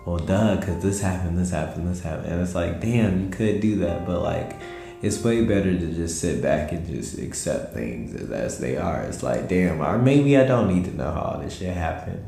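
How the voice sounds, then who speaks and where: A tired young man hosts his podcast late at night from home, drifting through slangy, laid-back talk. His voice sits very low, with a dark, mellow tone and a gravelly edge. The room adds a clear echo. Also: animated, moderate pace. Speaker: podcast host. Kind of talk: casual late-night monologue. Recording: roomy echo with faint music.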